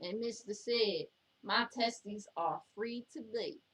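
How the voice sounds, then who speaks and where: A woman's voice: a little high, takes it slowly, a bit bright. Sassy woman. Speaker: co-host reading viewer comments. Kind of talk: casual chat.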